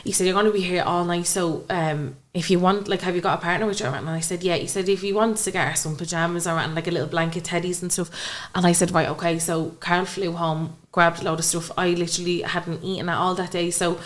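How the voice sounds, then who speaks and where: Fast and with hardly any pauses, a young Irish woman speaks at a fairly low pitch with fairly even intonation. She's a guest on a podcast, conversationally telling an emotional story from her own life and acting out quoted dialogue.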